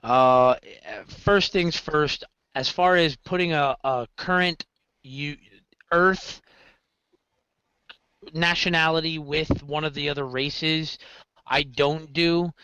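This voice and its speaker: A man talks at length in a casual podcast chat, circling back and correcting himself mid-sentence. His voice sits a bit high, and the recording is dry with no room echo. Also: takes it slowly, clear, resonant tone. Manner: rambling, self-correcting, animated storytelling. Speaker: game master guest.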